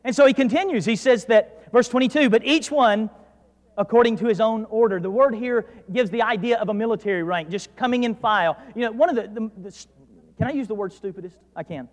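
High-voiced Southern preacher in a reverberant hall. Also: male voice, a little fast. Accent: North Georgia Southern US. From North Georgia. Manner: swings from quiet asides to loud emphatic declarations. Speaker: pastor. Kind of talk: sermon.

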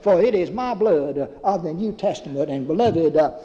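A man preaching a sermon in a halting way, full of fillers, calling his listeners beloved. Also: on the high side, lively intonation, mellow. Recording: dull lo-fi recording with long reverb.

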